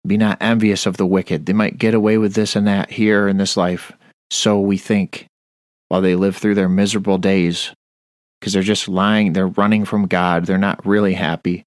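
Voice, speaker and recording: A man's voice: low-pitched, little pitch movement, moderate pace, dry recording, studio quality. A man preaching a Bible study on a radio show, earnest and stern, reading scripture aloud. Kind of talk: sermon-style Bible study.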